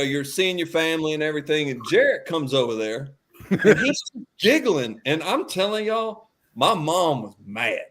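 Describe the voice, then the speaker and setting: A man with a drawl spins a funny anecdote on a podcast. His voice sits high and bright and leaps up and down as he plays each character. He laughs his way through the punchlines. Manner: lively anecdotal delivery, acts out quotes, laughs often. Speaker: podcast guest, former quarterback. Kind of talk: animated storytelling.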